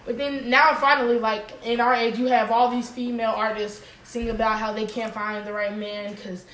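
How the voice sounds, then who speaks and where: A woman's voice: on the high side, moderate pace, roomy sound, a little hiss or hum, low-quality recording. A teenage girl on a talk show panel, speaking animatedly about school and friends. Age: teens. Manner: animated, mimicking others. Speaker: panel guest. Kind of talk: casual group discussion.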